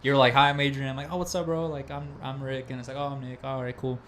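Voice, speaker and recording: Animated young man telling a story. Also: mid-range voice, fast talker, slight background noise. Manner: animated storyteller, says bro and dude often. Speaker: podcast host. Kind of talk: casual chat.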